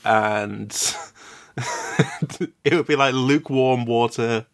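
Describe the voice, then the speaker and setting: A man co-hosting a podcast in casual chat, wry and quick to laugh. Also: medium pitch, creaky. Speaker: podcast co-host.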